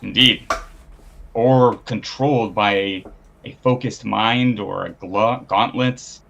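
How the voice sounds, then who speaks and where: A man playing in a live-play tabletop game, speaking in a measured, formal, halting way. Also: fairly low pitch, fairly even intonation, vocal fry, a bit bright, lo-fi sound. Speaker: player.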